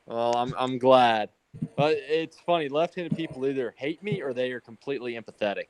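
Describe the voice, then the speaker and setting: Male guest, mid-pitched, curious and chatty, light background noise. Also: moderate pace, darkish tone. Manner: inquisitive, talks things through. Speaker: guest, holster maker. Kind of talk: casual livestream chat.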